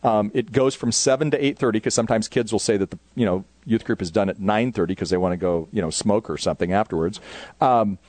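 A man's voice: lowish voice, fast, a little mellow, dry recording. A man speaking casually to youth workers at a conference, rambling with lots of fillers.

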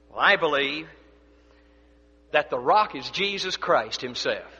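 A man preaching a sermon as pastor, swinging between loud declarations and hushed asides. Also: on the high side, lively intonation, unhurried, pauses often, husky, in a large hall.

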